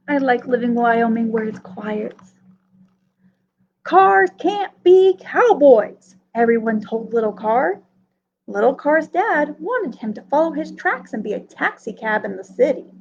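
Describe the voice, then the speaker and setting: Children's librarian at story time, woman, high and expressive, muffled lo-fi audio. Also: a little hiss or hum.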